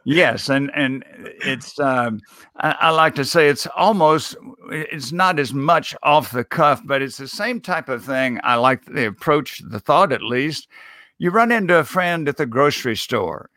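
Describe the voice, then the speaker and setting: A man's voice: mid-range voice, animated, measured pace, pushed and bright, dry recording, studio quality. A man who works as a speech coach, answering interview questions in a folksy, emphatic way with the odd chuckle. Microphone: video call.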